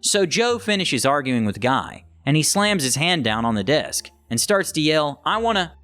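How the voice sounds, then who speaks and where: A man reading online stories aloud as scripted narration, animated and acting out the quoted lines. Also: fairly high pitch, moderate pace, faint music behind. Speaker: story narrator.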